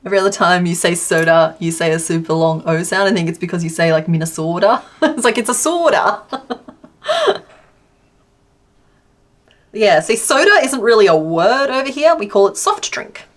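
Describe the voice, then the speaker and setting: Woman, Australian accent, casual streamer, crocheting on stream, chatty, laughs a lot, mid pitch. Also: animated, moderate pace, long pauses. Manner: chatty, reads and answers chat, laughs often. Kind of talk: casual live-stream chat while crocheting.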